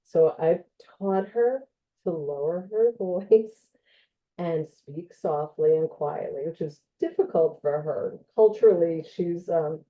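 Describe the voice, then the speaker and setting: A woman occupational therapist giving an informal educational talk in a gentle, conversational way, with frequent ums and you-knows. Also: low-pitched. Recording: tinny phone-like online audio.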